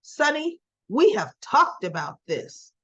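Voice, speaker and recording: A woman's voice: high voice, big pitch swings, takes it slowly, fairly bright tone, slightly rough, pitched above the performer's own voice, full character voice. A woman voicing the indignant, insistent wife of a boss. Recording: dull dry sound.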